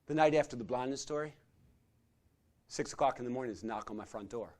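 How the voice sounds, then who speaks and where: A middle-aged man, a secular humanist chaplain, telling stories in a sermon-style talk to a community gathering, swinging from loud to quiet. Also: medium pitch, quick pace. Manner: animated storyteller who swings from loud chanting to quiet intensity.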